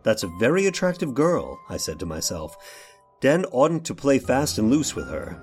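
A man's voice: medium pitch, very animated, moderate pace, a little mellow, faint music behind. An actor playing a fussy, genteel workshop owner who narrates his own story in an old-fashioned, prim way, in a radio drama. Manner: prim, old-fashioned, addresses listener directly.

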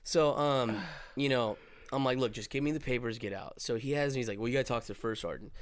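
Fast-talking profane storyteller man. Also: medium pitch, no room sound. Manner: profane, animated storyteller acting out quotes. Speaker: podcast host. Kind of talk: casual storytelling chat.

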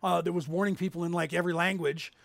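Gravelly high-voiced man in his fifties. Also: fairly even intonation, fast, dry recording. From California. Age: 50s. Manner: rambling storyteller, acts out others' lines in raised voices. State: raspy from COPD. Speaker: livestream host. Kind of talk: casual livestream chat.

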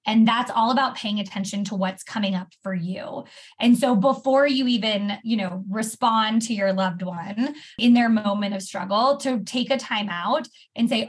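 A woman's voice: fairly high pitch, moderate pace, slightly rough. A woman therapist in a podcast interview, walking through steps one by one with everyday examples. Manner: warm explanatory, walks through steps with examples. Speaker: therapist guest.

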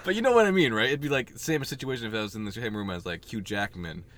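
A man's voice: lively intonation, quick pace, noisy background. Joking young man on a casual podcast. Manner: joking, laughs often, trails into lower explanatory tone. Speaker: podcast co-host. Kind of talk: casual chat.

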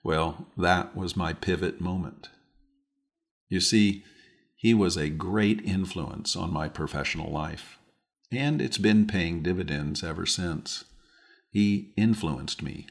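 A middle-aged man with a very deep, low voice hosts his own podcast. He delivers a scripted, reflective monologue at a measured, deliberate pace, like a seasoned speaker sharing hard-won lessons. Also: vocal fry. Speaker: podcast host.

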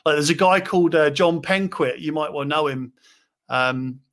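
A chatty man with a slightly higher voice than most. He talks loosely and casually, full of ums and restarts, as he hosts a live chat. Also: moderate pace. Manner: chatty, relaxed, many fillers. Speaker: property investor and host.

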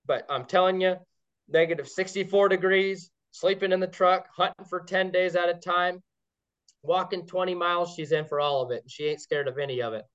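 Man, podcast guest, rambling excited storyteller, slightly high voice, dull lo-fi audio. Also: fairly quick, smooth. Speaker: guest, game caller. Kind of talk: casual podcast chat. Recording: dull lo-fi sound.

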